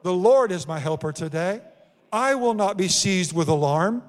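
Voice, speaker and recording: Man preaching, high voice, lots of hall echo, leans hard on repeated lines. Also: lively intonation. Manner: emphatic, repeats scripture lines slowly for effect. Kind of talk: sermon. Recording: long hall reverb.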